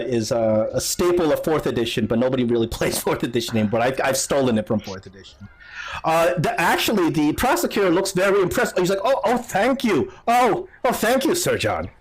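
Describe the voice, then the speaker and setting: A man narrating a tabletop role-playing game as game master, in a relaxed way with many fillers. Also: mid-range voice, fast.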